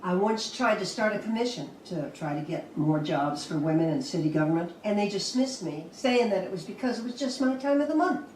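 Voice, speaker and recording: A woman's voice: mid-range voice, lively intonation, brisk, hardly any pauses, a little mellow, slight background noise, lightly acted. An actress in her eighties playing an elderly former councilwoman in a sitcom, dry and matter-of-fact. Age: 80s. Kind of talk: TV sitcom acting. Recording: sitcom clip, roomy and distant.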